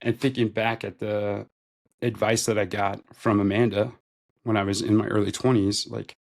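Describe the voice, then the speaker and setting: A man in his thirties with a low voice and a gravelly, creaky edge. He talks as a guest on a podcast, telling his own story in a loose, rambling way and leaning on "like" as he goes. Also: flat delivery, moderate pace. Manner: loose and conversational, heavy use of "like". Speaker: podcast guest, retail store manager. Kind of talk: casual interview storytelling.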